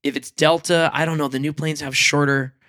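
A man with a slightly raised pitch tells a story in a loose, casual conversation. He acts out both sides of the exchange and laughs often as he goes. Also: flat delivery, brisk, sharp tone. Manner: laughs often while telling. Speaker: touring musician.

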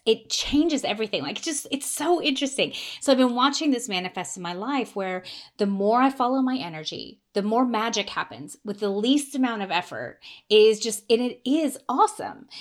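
A woman guest on a podcast, a coach who speaks emphatically and slows down to stress her points. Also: medium pitch. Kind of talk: casual conversation.

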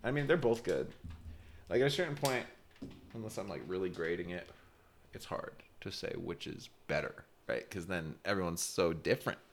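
A man's voice: sits low, lively intonation, moderate pace, noisy background. A young man co-hosting a podcast, talking in a laid-back, slangy way and laughing often. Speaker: podcast co-host. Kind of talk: casual chat.

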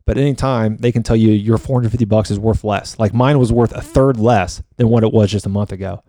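Fast, heated male real estate agent, mellow voice, dry close mic, casual podcast chat. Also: lowish voice, steady tone, no room sound. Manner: fast, heated storytelling with frequent swearing.

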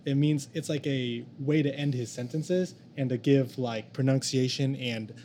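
A man in casual conversation about anime, explaining haltingly with lots of fillers. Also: mid-range voice, steady tone, dark tone, a little hiss or hum.

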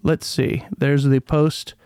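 A man's voice: mid-range voice, level tone, slow pace, darkish tone, clean tone, no echo, clean studio sound. A man hosting a casual solo podcast, rambling and sarcastic, who stumbles over words as he reads out an old news article. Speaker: podcast host.

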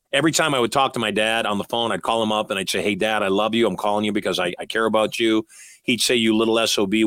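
A middle-aged man hosting a podcast, telling personal stories in an earnest, motivational way with slow, emphatic lines. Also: medium pitch, sharp tone, dry recording, studio quality. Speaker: podcast host. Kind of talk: motivational talk.

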